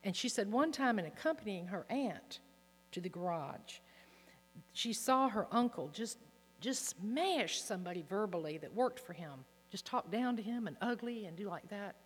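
A woman teaching from the Bible in an earnest way, reading passages aloud with emphasis, recorded in a hall with a low mains hum. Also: animated, normal speed.

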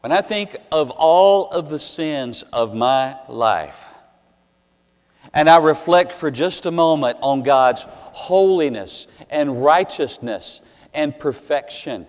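Male preacher, slow and earnest, dramatic pauses, reverberant hall. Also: a little high, animated. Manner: earnest, dramatic pauses, swells louder on scripture. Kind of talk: sermon with personal story.

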